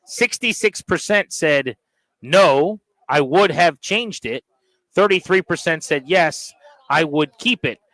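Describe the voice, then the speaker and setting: A male sports radio co-host with a slightly high voice, reading a sponsored poll segment in a measured, conversational way. His sound is dry and close to the mic, with no room echo. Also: expressive, a bit bright. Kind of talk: radio talk and sponsor read.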